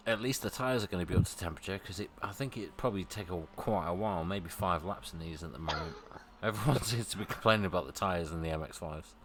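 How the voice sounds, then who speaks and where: A man co-commentating on an online race, giving measured technical remarks on track conditions. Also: low-pitched. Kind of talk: casual sim racing commentary. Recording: clear background noise.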